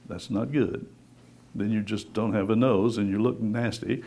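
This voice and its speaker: A man preaching a sermon, conversational and lively, firing rhetorical questions and acting out little voices. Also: fairly low pitch, normal speed, creaky, noisy background.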